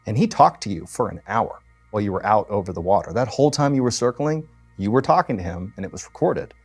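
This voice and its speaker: A man's voice: on the low side, animated, fast, slightly rough, soft background music. A man telling a strange story in a casual, conversational way, with many fillers.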